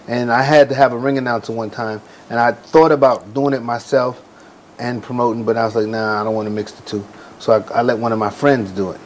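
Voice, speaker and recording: A man in his forties, a boxer and ring announcer, telling stories in a casual interview with relaxed slang. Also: medium pitch, a little hiss or hum, poor audio. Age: 40s.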